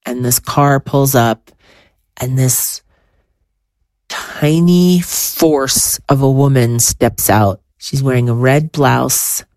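Woman storyteller, middle-aged, low and measured, vivid anecdotal delivery. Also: no echo. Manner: vivid, animated retelling with quoted dialogue. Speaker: guest storyteller. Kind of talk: personal storytelling.

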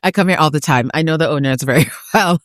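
This low-voiced, fast-talking woman from New York City is a food podcaster joining as a guest. She's at an outdoor eating area along a market street, laughing frequently in easygoing conversation, captured in clean studio sound without echo.

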